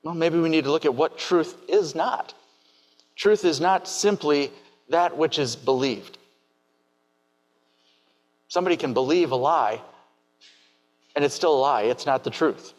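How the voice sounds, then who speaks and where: A man preaching a sermon in a measured, questioning way. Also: fairly high pitch, big-room sound.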